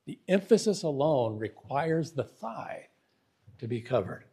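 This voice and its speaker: Husky, emphatic male preacher. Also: mid-range voice, sing-song, unhurried, mellow. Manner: emphatic, asks the audience rhetorical questions. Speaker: preacher teaching Bible syntax. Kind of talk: sermon-style Bible lesson.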